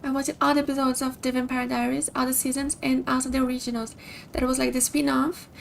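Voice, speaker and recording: High-voiced chatty woman streamer. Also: little pitch movement, fast, vocal fry, a little hiss or hum. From Brazil. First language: Portuguese. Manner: chatty, upbeat, giggly. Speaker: game streamer. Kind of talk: casual stream chat with game commentary.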